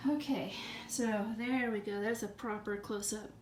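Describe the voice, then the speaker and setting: A woman's voice: medium pitch, steady tone, unhurried. A woman chatting to her viewers in a bubbly, jokey way while out of breath, filming her bedroom on a handheld phone. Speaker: vlogger. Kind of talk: casual chat to viewers. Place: bedroom indoors. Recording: echoey room, faint ambient noise.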